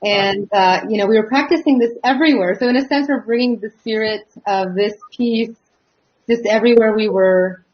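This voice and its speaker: A woman who is a singer and teacher chats in a casual interview, thoughtful and hesitant, with plenty of fillers. Her voice is a little high and moderately paced, captured in dull lo-fi audio.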